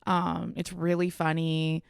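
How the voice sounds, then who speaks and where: Casting: young woman podcast co-host, relaxed and filler-heavy, lowish voice with some fry, dry close sound. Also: takes it slowly, no echo. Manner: relaxed, filler-heavy, reads listener questions. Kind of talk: casual chat.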